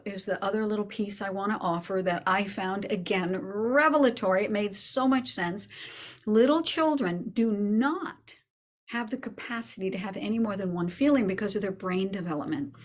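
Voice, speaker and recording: A middle-aged woman hosting a talk on young children, speaking casually to viewers, laughing often and dropping to a soft, hushed voice at times. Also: medium pitch. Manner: warm, laughing, drops to soft near-whispers. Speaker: host giving parenting advice.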